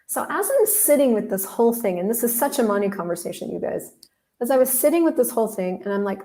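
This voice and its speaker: A woman's voice: a little high, sing-song, fast, warm tone. A woman hosting a podcast, telling a story in a casual, candid way, talking straight to her listeners and swearing now and then. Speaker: podcast host.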